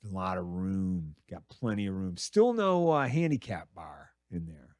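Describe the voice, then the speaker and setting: A middle-aged man hosting a comedy radio show, rambling and crude with a self-mocking streak. His voice sits fairly low and sounds dry and close, with no room around it. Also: very animated, a little slow, a little mellow, dry recording. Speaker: radio host. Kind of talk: casual comedic monologue.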